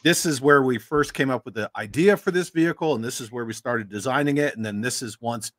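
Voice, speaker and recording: A man's voice: medium pitch, brisk, fairly bright tone, dry recording. A man hosting a casual livestream interview, chatting with his guest and greeting viewers from the chat. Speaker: host.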